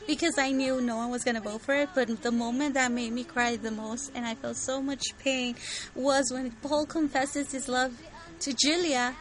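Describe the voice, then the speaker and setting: A woman's voice: high-pitched, steady tone, normal speed, poor audio. A bubbly, giggly woman co-hosting a podcast, chatting casually about a book series and reading out listener comments. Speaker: podcast co-host.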